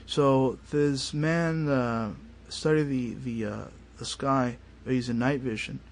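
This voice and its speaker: A man tells his story in a radio studio, at an ordinary mid pitch. He talks casually and animatedly, putting on the voices of the people in his story. A faint hiss sits under his voice. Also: takes it slowly. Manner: animated, acts out family dialogue. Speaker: paranormal investigator, studio guest.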